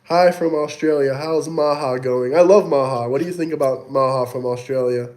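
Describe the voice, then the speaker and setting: The livestream host's mid-range voice is a little mellow and moves at normal speed. Sweaty and coughing now and then, he reads super chats aloud and mocks the commenters who sent them.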